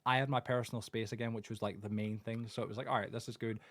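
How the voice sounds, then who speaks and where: A man's voice: fairly low pitch, quick pace, slight background noise. A young man co-hosting a podcast, telling family stories in casual chat and swearing constantly. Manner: swears constantly, animated storytelling. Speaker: podcast co-host.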